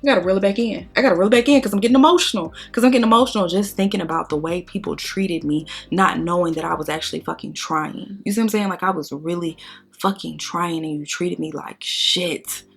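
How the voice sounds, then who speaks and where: A woman's voice: fairly low pitch, fast, creaky, husky, faint music behind. A woman vlogger talking casually while doing her makeup, telling her story bluntly with lots of cursing and strong emotion. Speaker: beauty vlogger.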